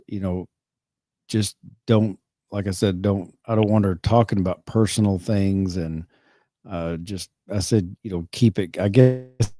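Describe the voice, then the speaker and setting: A middle-aged man hosting a podcast, chatting casually in a rambling, halting way, often correcting himself mid-sentence. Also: deep voice, warm tone, dry recording, clean studio sound. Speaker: podcast host. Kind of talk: casual chat.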